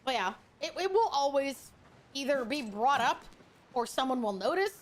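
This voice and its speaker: A woman's voice: high voice, expressive, normal speed. A woman VTuber chatting casually while gaming, swearing freely and greeting viewers with affection. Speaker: VTuber streamer. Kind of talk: casual gaming stream chat.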